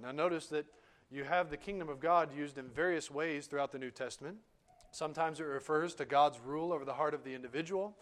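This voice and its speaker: A man preaching an expository sermon, reading scripture aloud and explaining it in a measured, emphatic way that slows down on key phrases. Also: on the high side.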